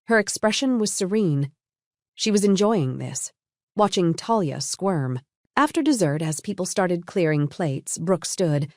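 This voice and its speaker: A woman narrating a first-person story in an even, scripted way. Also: lowish voice, a little slow, dry recording, studio quality.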